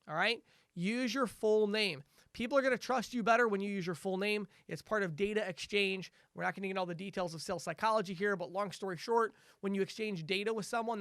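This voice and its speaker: A man's voice: high voice, a bit bright, no room sound, clean studio sound. A man teaching a sales training lesson, coaching energetically and acting out cheerful sales greetings.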